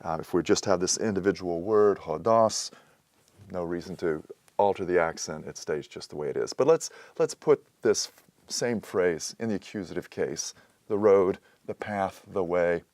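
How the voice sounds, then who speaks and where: A man explaining a language lesson in a measured way, pausing often with "uh" as he works through examples. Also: low voice, a little mellow, dry recording. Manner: measured, explanatory, with frequent "uh" pauses. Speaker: teacher. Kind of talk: recorded lecture.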